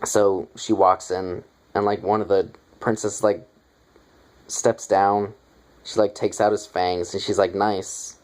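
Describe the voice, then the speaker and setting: A man's voice: lowish voice, level tone, measured pace, darkish tone, rough recording. A young man casually retelling a movie's plot in a review, rambling with lots of fillers and offhand asides.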